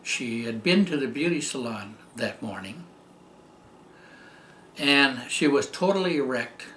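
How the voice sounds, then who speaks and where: Older guy rambling thru a story, lots of um and uh, mid pitch, faint hum behind. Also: expressive, a bit bright, roomy sound. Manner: rambling, halting with repeated fillers and restarts. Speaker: patient giving a testimonial. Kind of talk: storytelling tribute.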